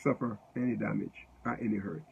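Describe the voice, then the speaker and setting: A man giving unscripted Bible teaching, halting and repeating words as he spells out Hebrew letters. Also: on the low side, steady tone, creaky, a little mellow, muffled recording, a little hiss or hum.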